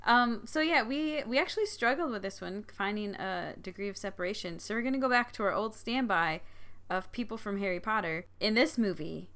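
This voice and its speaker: Upbeat, bright-voiced woman podcast host. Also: medium pitch, brisk. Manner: upbeat, easygoing, laughs often. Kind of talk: casual chat.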